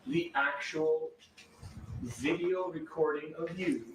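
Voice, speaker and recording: A man's voice: a little high, takes it slowly, a little hiss or hum. A man acting as an attorney, cross-examining a witness with pointed yes-or-no questions. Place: courtroom. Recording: distant, echoey courtroom mic.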